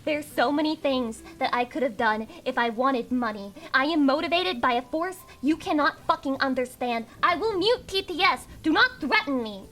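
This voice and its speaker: Young woman streamer, high voice, bright, swearing, teasing chat, underslept. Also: normal speed, few pauses. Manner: profane, ranting, teasing chat. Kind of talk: casual livestream chat.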